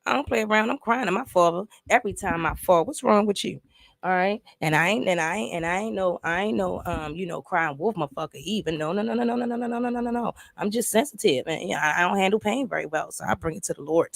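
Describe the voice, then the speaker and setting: A woman's voice: on the low side, fast talker, gravelly, no room sound, studio quality. A woman casually recapping and reviewing a movie, telling the story in an emphatic, profane way with lots of repeats.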